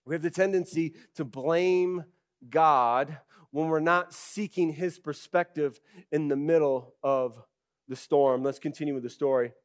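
A man preaching a sermon as pastor in an animated, conversational way, rising to loud bursts and using casual fillers like "okay" and "right". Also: on the high side, unhurried.

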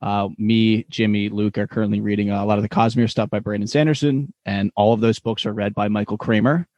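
A man's voice: lowish voice, steady tone, a little fast, darkish tone, no echo, muffled recording. A man co-hosting a podcast, talking earnestly and with enthusiasm. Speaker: podcast co-host. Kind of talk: casual podcast chat.

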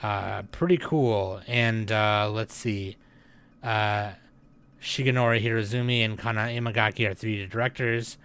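A man's voice: on the low side, unhurried, smooth. Casual male news podcast host. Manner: reads headlines, then adds relaxed offhand remarks with many fillers. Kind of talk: casual news reading with commentary.

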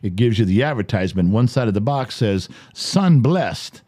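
A man's voice: fairly low pitch, expressive, normal speed, warm tone. A man in his fifties hosting a podcast, telling stories in casual chat, swearing and laughing often. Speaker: podcast host.

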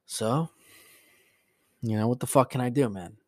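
A man hosting a casual solo podcast, telling a story in profane, animated bursts that climb into a rant. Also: mid-range voice, unhurried, no echo, clean studio sound. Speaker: podcast host.

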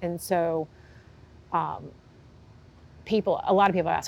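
A woman's voice: fairly low pitch, steady tone, unhurried, vocal fry, pauses often. A woman horse trainer being interviewed, telling her story candidly and acting out what people said. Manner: candid storytelling, acts out quotes. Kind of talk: conversational interview.

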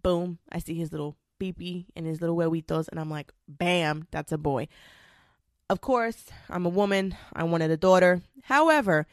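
A young woman vlogging, ranting bluntly and profanely in a casual, animated way. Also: fairly low pitch, brisk, few pauses, dry recording, clean studio sound. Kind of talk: casual rant to camera.

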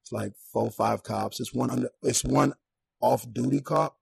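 A young man with a gravelly, raspy voice recounts a personal story in a relaxed podcast conversation. He keeps it animated, slipping into the voices of the people he describes. The sound is close and dry. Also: mid-range voice, moderate pace, no echo. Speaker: podcast guest. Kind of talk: casual storytelling.

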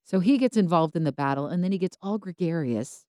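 A woman co-hosting a podcast, telling Bible stories casually and acting out the characters in quick voices. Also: fairly low pitch, no room sound, clean studio sound. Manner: animated storytelling, acts out biblical characters in quick voices. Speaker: podcast co-host.

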